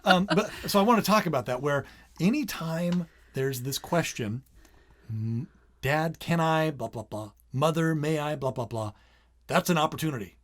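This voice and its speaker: A middle-aged man co-hosting a casual parenting podcast, talking animatedly and acting out his kids' lines in quick quoted bits. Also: fairly high pitch, a bit bright. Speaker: podcast co-host.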